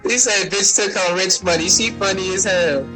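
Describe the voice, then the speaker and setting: A man's voice: high voice, moderate pace, rough recording. A man hosting a livestream, chatting casually with viewers, teasing them and laughing often. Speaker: livestream host. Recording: music playing behind.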